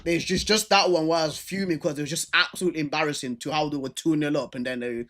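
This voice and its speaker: A man's voice: on the high side, fairly even intonation, fast, a bit bright, slight background noise. A young man hosting a casual football livestream, ranting animatedly and stubbornly, repeating himself. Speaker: livestream football show host.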